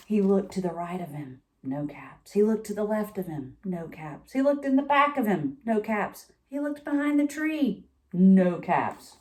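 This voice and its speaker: Woman doing storytime, very expressive up-and-down voice, chatty asides to the kids. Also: mid-range voice, unhurried. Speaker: storytime reader. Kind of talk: reading a picture book aloud to children.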